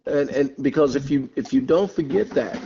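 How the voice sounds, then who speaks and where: A man leading a Bible study as pastor, speaking slowly and earnestly over a phone call. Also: medium pitch, vocal fry, dark tone, a little hiss or hum. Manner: slow, earnest exhortation with many amens. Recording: dull lo-fi phone call audio.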